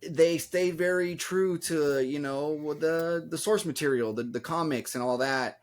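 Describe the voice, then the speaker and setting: A man's voice: a little high, measured pace. Sheepish man in casual podcast chat. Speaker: podcast co-host.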